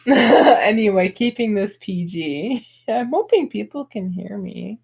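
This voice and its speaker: A soft-spoken woman co-hosting a casual show and teasing her co-host. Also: mid-range voice, animated, a little slow, vocal fry, few pauses, slightly rough. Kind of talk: casual chat.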